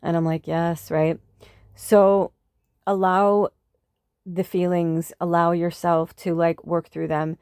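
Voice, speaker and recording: A woman's voice: fairly low pitch, little pitch movement, takes it slowly, a little mellow, clean tone, no echo, clean studio sound. A woman hosting a spiritual podcast, talking in a rambling, impassioned monologue full of fillers and swearing.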